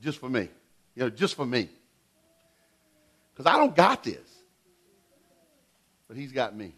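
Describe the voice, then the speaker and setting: A middle-aged man preaching a sermon in an animated way, swinging between loud and hushed delivery. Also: medium pitch, a little slow, pauses often, slightly rough. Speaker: pastor.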